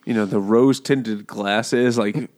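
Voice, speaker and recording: A man's voice: lowish voice, steady tone, measured pace, a little mellow. A man co-hosting a casual podcast, rambling and laughing as he trades jokes and does silly impressions. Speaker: podcast co-host. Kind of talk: casual chat, joking banter.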